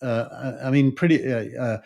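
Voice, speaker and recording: A man's voice: medium pitch, fairly even intonation, moderate pace, creaky, darkish tone. A man with a Yorkshire accent, co-hosting a podcast discussion, talking thoughtfully with many fillers and restarts. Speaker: podcast co-host. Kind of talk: casual discussion.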